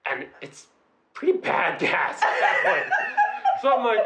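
A young man telling a story in casual chat, animated, laughing and acting out quotes. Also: extremely high pitch, unhurried, echoey room, noisy background.

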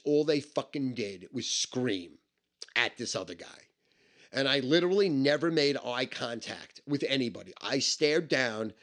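A man's voice: mid-range voice, fairly bright tone. A man telling a personal story in a blunt, emphatic and heavily profane way. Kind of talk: casual spoken anecdote.

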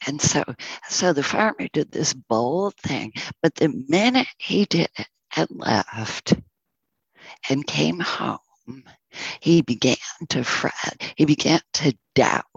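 A teacher telling a parable in a slow, soft, often whispered teaching talk. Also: mid-range voice, animated, vocal fry, husky, dry recording, dull audio.

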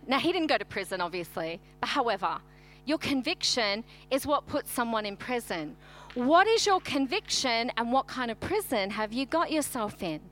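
A middle-aged woman pastor preaching a sermon, mixing chatty, animated personal stories with scripture. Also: high-pitched.

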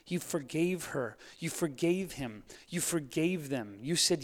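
A man preaching a sermon, moving between quiet hushed lines and fired-up urging, with a playful streak. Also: on the high side, measured pace, hardly any pauses. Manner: playful, laughs at his own jokes. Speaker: pastor. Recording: long hall reverb.

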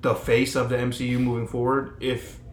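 A man's voice: mid-range voice, completely flat delivery, fairly quick, roomy sound, a little hiss or hum. A man co-hosting a casual podcast chat, talking at length in a chatty way. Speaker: podcast co-host.

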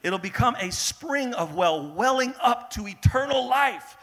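A man preaching a sermon in a lively way, acting out the people in his story and swinging between loud bursts and hushed lines. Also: very high-pitched, a little slow. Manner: animated, acts out voices of biblical figures, swings between loud and hushed. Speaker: pastor.

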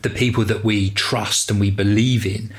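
Relaxed low-voiced male podcaster. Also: moderate pace. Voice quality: relaxed, rambling, many fillers. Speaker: podcast co-host. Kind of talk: casual chat.

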